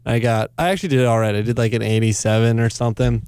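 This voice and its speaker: A man's voice: mid-range voice, fairly even intonation, racing, a little mellow, clear, resonant tone, no room sound, studio quality. A young man hosting a podcast, laid-back and teasing in casual chat. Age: young adult. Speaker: podcast host.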